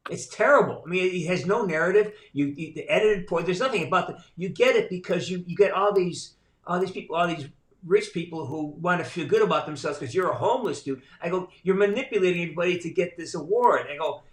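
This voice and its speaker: High, fast, and lively in intonation, the voice belongs to a middle-aged man guesting on a podcast as a voice actor. He tells stories bluntly and profanely in a casual conversation with a roomy echo.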